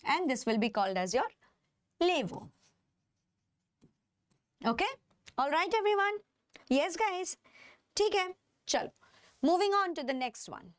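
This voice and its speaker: Very high-pitched and full of big pitch swings, this woman's Indian English-accented voice carries a live online chemistry lesson with no room sound. She draws out stressed words and checks in with her students over and over.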